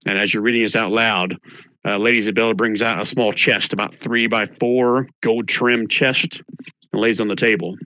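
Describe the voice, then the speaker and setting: Game master, male, bright forward voice, dry close mic, steady narrator reading in-world letters. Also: on the low side, normal speed, dry recording, poor audio.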